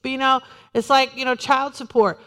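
A woman's voice: high voice, steady tone, moderate pace, pushed and bright, smooth. A woman pastor preaching a sermon in a church, talking in a conversational way and repeating short refrains. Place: church sanctuary. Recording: long hall reverb.

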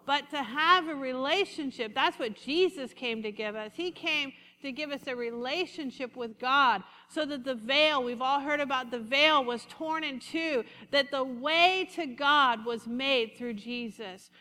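A woman pastor giving a lively, conversational sermon and calling out to her congregation. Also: high-pitched, measured pace, few pauses, big-room sound. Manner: lively, conversational preaching with congregation call-outs.

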